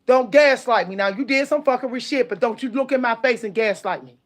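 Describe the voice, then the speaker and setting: A woman's voice: a little high, a little fast. A woman hosting her own channel, venting angrily to her viewers in a profane, emphatic rant. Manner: profane, heated, emphatic storytelling. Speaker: channel host. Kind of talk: angry venting monologue to viewers.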